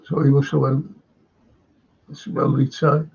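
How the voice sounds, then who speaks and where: An older man with a Liverpool accent talks slowly and warmly in a husky, slightly high voice, wandering from thought to thought and restarting his sentences. The stream audio sounds dull and lo-fi. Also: little pitch movement. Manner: slow, meandering, with many restarts. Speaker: live stream host reading viewer comments. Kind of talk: rambling casual chat.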